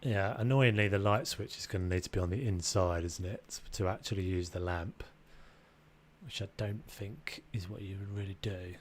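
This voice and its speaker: A man's voice: low-pitched, normal speed, a little hiss or hum. A young man streaming a renovation game, casually thinking aloud and muttering to himself as he builds, with self-deprecating asides. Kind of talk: casual live-stream commentary.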